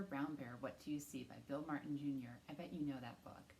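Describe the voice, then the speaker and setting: A woman, a children's librarian, leads a storytime from her home, talking to young children in an animated, encouraging way. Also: very deep voice, brisk, hardly any pauses, a little hiss or hum.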